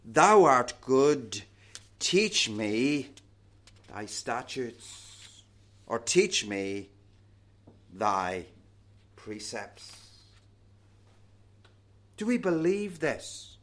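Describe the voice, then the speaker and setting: A man preaching a sermon, slow and emphatic, letting key words sink low and soft. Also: sing-song.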